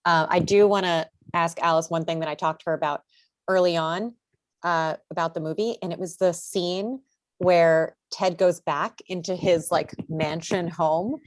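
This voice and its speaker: A woman moderating a panel, thanking the guests and asking a question in a relaxed, chatty way. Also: lowish voice, moderate pace, no room sound. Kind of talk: panel discussion.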